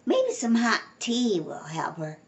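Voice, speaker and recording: An eager, literal-minded young housekeeper speaks in a bright, earnest storybook voice, as an older woman reads her lines aloud. She sounds keen and well-meaning, pitched a little above the narration. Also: wildly swooping pitch, slow, creaky, lo-fi sound, heavily acted.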